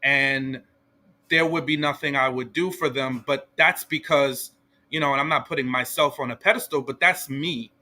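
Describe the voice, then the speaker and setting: A man as a guest in a casual podcast discussion, talking in a measured, reasoned way and often checking with "right?". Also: medium pitch, fairly even intonation, sharp tone. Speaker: guest panelist.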